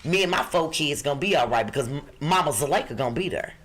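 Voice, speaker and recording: A woman from Chicago reading out job listings on a podcast in a rough, low voice, emphatic and bossy. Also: animated, fast. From Chicago, USA. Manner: emphatic, bossy, talks back to co-hosts. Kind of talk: lively podcast talk.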